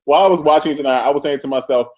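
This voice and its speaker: A man co-hosting a casual TV recap chat, animated and acting out characters. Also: racing. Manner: animated, acts out characters with big pitch jumps. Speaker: podcast co-host.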